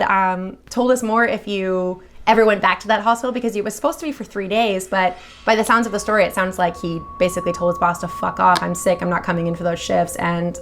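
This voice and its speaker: A woman's voice: medium pitch, a bit bright, slight background noise. A woman hosting a video channel, reading horror stories aloud and then chatting casually with viewers, swearing freely and gushing.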